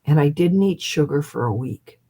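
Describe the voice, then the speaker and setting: Lively older woman telling a story. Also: low-pitched, normal speed, breathy edge. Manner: lively storyteller who acts out quotes and laughs. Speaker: guest hypnotist. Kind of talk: animated storytelling in an interview.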